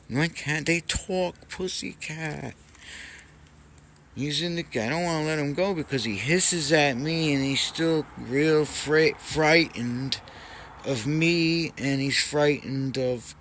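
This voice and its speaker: A man casually rambling in a home vlog, cooing softly at his cats. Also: medium pitch, slight background noise. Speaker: vlogger. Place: home indoors.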